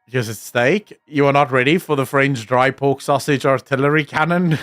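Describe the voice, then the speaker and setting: A man's voice: mid-range voice, moderate pace, fairly bright tone, no room sound, studio quality, faint music behind. A young man chatting casually on his stream, rambling and swearing freely. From South Africa. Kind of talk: casual chat reacting on stream.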